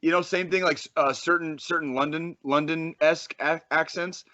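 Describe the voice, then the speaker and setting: A man from Arizona co-hosting a podcast, talking in a rambling, excitable way with plenty of swearing. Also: fairly high pitch, normal speed, no room sound, highs cut off. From Arizona, USA. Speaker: podcast co-host. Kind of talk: casual podcast chat.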